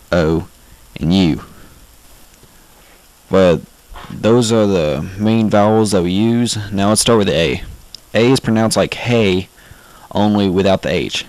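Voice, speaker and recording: A man from the Southern United States talks through a casual home-made lesson in a very low voice. He speaks haltingly, with plenty of ums and self-corrections. The sound is dry, with no room echo. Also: a little mellow. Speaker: amateur video instructor.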